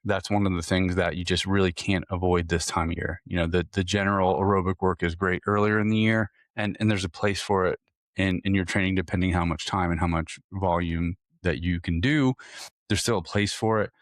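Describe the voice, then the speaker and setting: A man with a deep, low voice hosts a casual podcast for hunters, explaining training in an earnest coaching tone. He often restarts phrases and repeats small words as he thinks aloud. The sound is close and dry, with no room echo. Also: steady tone, brisk. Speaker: hunting fitness coach, podcast host. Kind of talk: casual solo podcast talk.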